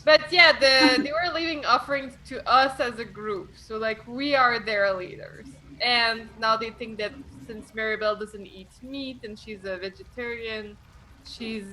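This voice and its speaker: A woman player chats freely at a tabletop game and laughs often. Her voice sits a little high. She talks casually, with lots of "like". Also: measured pace, bright, forceful tone, a little hiss or hum, rough recording. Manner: giggly, chatty.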